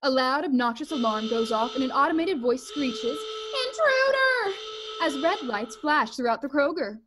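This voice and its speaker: A woman reading stage directions aloud for a comedic play, in a brisk, matter-of-fact way. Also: sits high, very noisy.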